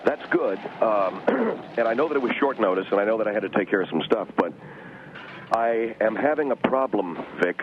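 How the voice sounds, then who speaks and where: A male radio host calling in to his own show, speaking in a hesitant, halting way. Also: on the low side, animated. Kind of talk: comedic radio call. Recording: dull phone line with background noise.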